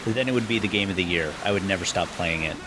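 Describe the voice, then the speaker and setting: A man co-hosting a podcast, chatting casually while playing a game, animated and quick to laugh. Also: low-pitched, noisy background. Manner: animated, laughs often, thinks aloud. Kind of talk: casual gameplay chat.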